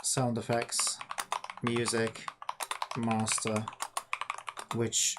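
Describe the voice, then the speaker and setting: A woman's voice: a bass voice, monotone, very slow, heavy background noise. A woman streaming while she codes a game, chatting casually, exasperated and scolding an AI chatbot with sarcastic swearing. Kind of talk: casual livestream chat while coding.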